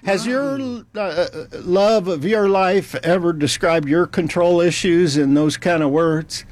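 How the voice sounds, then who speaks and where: A man's voice: sits high, a little slow, a little mellow, no echo. A man hosting a talk show, wry and joking, laughing between his lines. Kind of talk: casual talk show banter.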